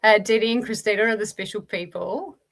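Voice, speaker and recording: A New Zealand woman streams a reading sprint, talking a little fast in a medium-pitched, fairly bright voice. Chatty and laughing often, she reads viewer comments aloud with restarts and fillers.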